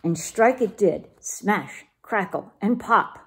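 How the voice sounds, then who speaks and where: A woman reading a children's picture book aloud in an expressive, lively way. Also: medium pitch, slow, husky. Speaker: storyteller.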